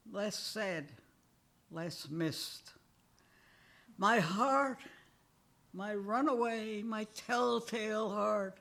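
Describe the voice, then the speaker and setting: An older woman poet giving a poetry reading, deliberate and measured, with chuckles between poems. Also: medium pitch, a bit bright.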